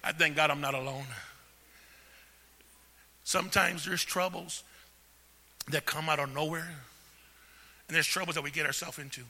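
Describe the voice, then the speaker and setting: Raspy high-voiced preacher in a reverberant church. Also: male voice, steady tone, moderate pace, pauses often. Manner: preaching with call-and-response, swings from soft to shouting. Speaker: pastor. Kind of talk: sermon. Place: church sanctuary. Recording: long hall reverb.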